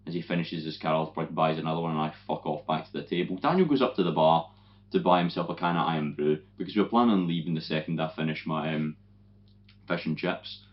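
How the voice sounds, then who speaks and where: Young Scottish podcast co-host, deep voice, lively sweary storyteller, dull recording. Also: male voice. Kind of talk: casual chat. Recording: dull lo-fi audio.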